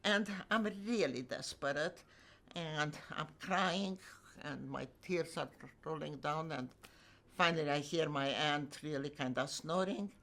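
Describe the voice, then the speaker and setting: Older woman with a low, gravelly voice. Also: unhurried, a bit bright. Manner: vivid, emotional recounting with wry humor. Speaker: Holocaust survivor telling her story. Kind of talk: personal storytelling.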